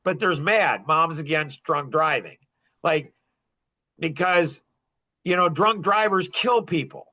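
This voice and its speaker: A man's voice: fairly high pitch, animated, slow pace, long pauses, bright, forceful tone. A man hosting a podcast, talking in a rambling, emphatic monologue full of fillers. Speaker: podcast host. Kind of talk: casual monologue.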